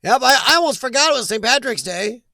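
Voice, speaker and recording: A man's voice: very high-pitched, animated, fast, creaky, bright, forceful tone, dry recording. A man hosting a casual live chat, reading viewer names aloud and laughing often. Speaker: livestream host reading chat.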